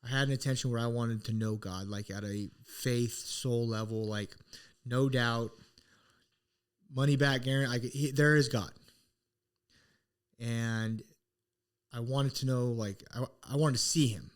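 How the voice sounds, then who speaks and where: With an unhurried pace and clean tone, this medium-pitched middle-aged man co-hosts a podcast. He reflects earnestly on something from his own life, speaking casually and often restarting.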